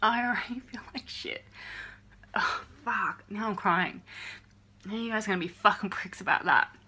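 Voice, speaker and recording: An actress playing a young YouTuber with depression, who talks in a halting, filler-heavy way and swears often. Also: female voice, mid-range voice, bright, forceful tone, breathy edge. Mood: angry. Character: young woman YouTuber, depressed, bullied by trolls. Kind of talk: confessional vlog monologue in a short film.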